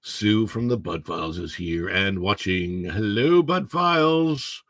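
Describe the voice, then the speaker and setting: A man's voice: on the low side, lively intonation, slow pace, fairly bright tone, dry recording. Chatty man hosting a livestream. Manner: chatty, reads viewer comments aloud. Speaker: livestream host. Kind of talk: casual livestream chat.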